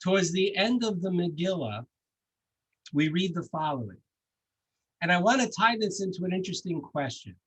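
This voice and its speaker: A man's voice: sits high, animated, moderate pace, long pauses, a bit bright, husky, low-quality recording. A man giving a sermon as a rabbi, conversational and storytelling, with jokes and asides.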